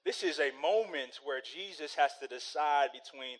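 A man's voice: on the high side, moderate pace, few pauses, low-quality recording. A male pastor preaching a sermon in a conversational, storytelling way, often checking in with "right?".

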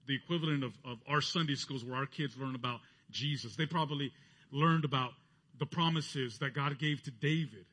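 A man's voice: a bit bright, husky. A man preaching a sermon earnestly, lifting his voice when he quotes others. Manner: earnest preaching, voicing quoted speech with rising pitch. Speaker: pastor.

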